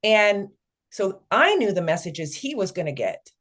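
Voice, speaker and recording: A woman's voice: medium pitch, very animated, a little slow, fairly bright tone. A middle-aged woman, a guest on an interview podcast, telling a family story and acting out the dialogue.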